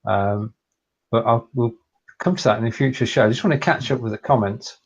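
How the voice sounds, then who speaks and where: A man's voice: medium pitch, fairly quick, breathy edge. British man on dull lo-fi audio. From United Kingdom. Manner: jokey, reads out viewer comments. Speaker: co-host of a live stream. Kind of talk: casual live-stream chat.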